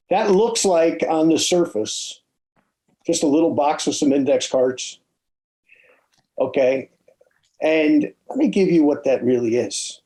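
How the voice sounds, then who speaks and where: A man hosting a podcast interview, telling stories in an animated way and often checking in with "okay?" and "right?". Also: on the high side, rough recording. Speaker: podcast host. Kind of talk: casual storytelling interview.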